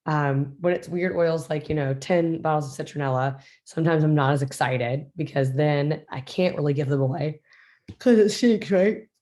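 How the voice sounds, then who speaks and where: A woman's voice: deep voice, steady tone, normal speed, few pauses, a little mellow. A woman chatting casually on a group business call, rambling and joking. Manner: chatty, rambling, uses y'all.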